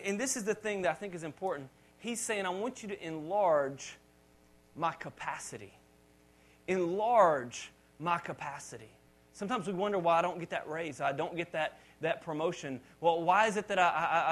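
A pastor preaching a conversational sermon, often restarting and repeating words, with dramatic rises when reading scripture. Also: male voice, sits high, a bit bright.

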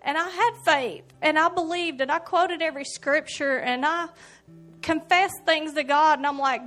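A woman sharing an emotional, earnest church testimony in an animated storytelling way. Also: high-pitched, normal speed, soft background music. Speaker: church member giving testimony. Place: church service.

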